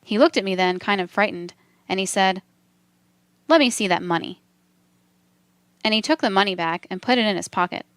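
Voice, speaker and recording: Smooth-voiced woman reading a documentary. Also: medium pitch, fast, a bit bright, no room sound. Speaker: documentary reader.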